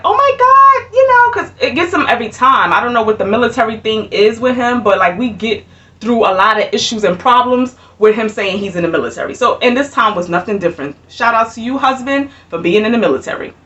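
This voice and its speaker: A young adult woman telling a casual storytime, animated and laughing, often repeating herself. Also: medium pitch. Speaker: vlogger. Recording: voice a bit far from mic.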